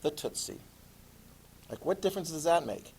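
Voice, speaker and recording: Male teacher, animated classroom lecture, fairly high voice, keeps asking students questions. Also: moderate pace, gravelly, breathy edge, low-quality recording.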